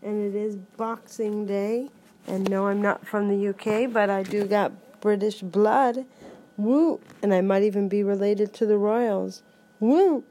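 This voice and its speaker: A woman hosting her own podcast in a playful, joking way, reciting a holiday poem with loud, animated emphasis. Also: medium pitch, unhurried, slight background noise. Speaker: podcast host.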